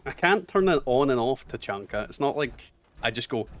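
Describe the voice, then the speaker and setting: A man in his thirties with a softened Scottish accent, chatting casually and swearing as he plays a game on stream. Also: medium pitch, expressive, moderate pace, a little hiss or hum. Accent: Scottish, toned down. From Scotland. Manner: chatty, swears, jokey asides. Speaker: gaming streamer. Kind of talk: casual chat while playing a game.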